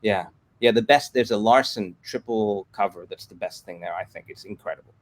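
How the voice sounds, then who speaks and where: A man with a lowish voice talks quickly and eagerly in a casual interview. He tells long anecdotes and slips into the voices of the people he quotes. It is relaxed conversation, not a script. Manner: fast, animated anecdotes with acted-out quotes. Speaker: guest, comics company executive.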